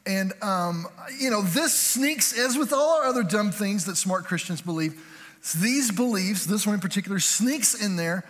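High-voiced joking male pastor preaching. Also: expressive, a bit bright. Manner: joking, conversational preaching with quick asides. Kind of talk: sermon. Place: church sanctuary. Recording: hall reverb from a church sanctuary.

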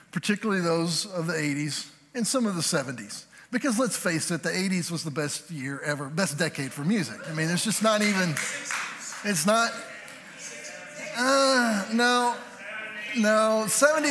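A middle-aged pastor preaches in a loose, joking way, slipping quick asides into his sermon. His voice sits high for a man. Long reverb rings around him in the church sanctuary. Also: a bit bright, slight background noise.

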